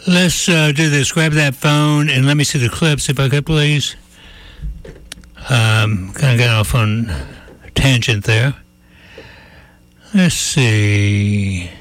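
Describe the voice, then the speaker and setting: A man's voice: mid-range voice, slow, long pauses, fairly bright tone. A man hosting a call-in talk radio show, blunt and opinionated, a little scratchy in the voice.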